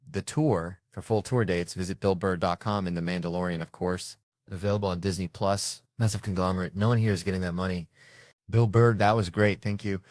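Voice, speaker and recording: A low-pitched male host asks brisk questions and reads plugs. He adds wry asides between them. The sound is dry and close. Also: no echo. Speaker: talk show host.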